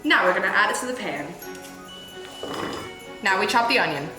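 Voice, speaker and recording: A woman's voice: medium pitch, animated, moderate pace, roomy sound, loud music behind the voice. A woman hosting a cooking segment on a school news show, giving step-by-step instructions. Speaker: student cooking segment host. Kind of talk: cooking demonstration.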